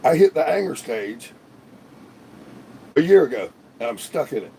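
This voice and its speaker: A man chats on his own livestream in a loose, rambling way, peppering his talk with profanity and laughter. His voice sits a bit higher than most men's and jumps around a lot in pitch. There's a gravelly rasp running through it. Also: very animated, moderate pace, mellow, slight background noise. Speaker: livestream host. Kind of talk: casual live-stream chat.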